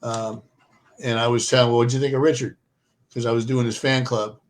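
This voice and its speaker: A man's voice: mid-range voice, level tone, fairly quick. An older man co-hosting a casual chat, telling stories with many fillers and restarts. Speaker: podcast co-host.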